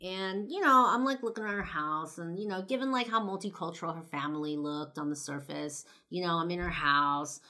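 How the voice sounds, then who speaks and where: A woman's voice: on the low side, brisk, hardly any pauses, sharp tone. A young woman from Los Angeles, telling a personal story to camera in a loose, chatty way, full of "like" and "you know" and some blunt swearing. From Los Angeles, United States. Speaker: vlogger.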